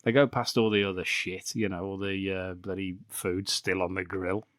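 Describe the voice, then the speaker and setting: A man's voice: low-pitched, flat delivery, moderate pace, fairly bright tone, no echo, clean studio sound. A man hosting a podcast, sarcastically recapping a bad film with frequent swearing and laughter. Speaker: podcast host.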